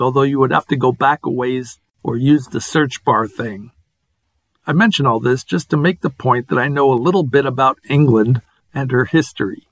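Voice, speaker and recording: A man's voice: mid-range voice, no echo. A middle-aged man who reads out a list with amusement and small laughs, then talks casually in a monologue for a podcast. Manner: amused, savoring each name with small laughs.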